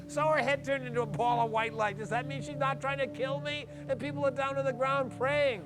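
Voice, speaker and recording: A man performing a theatrical comic monologue with wry, animated storytelling. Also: very high-pitched, a little fast, few pauses, background noise.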